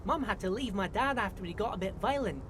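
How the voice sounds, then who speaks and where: A man's voice: high-pitched, animated, quick pace, a bit bright, slight background noise, pitched above the performer's own voice. A man voicing a small, friendly immigrant dock worker who repeats himself and keeps saying "mister" in a folksy way. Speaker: voicing a game character. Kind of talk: game dialogue read aloud.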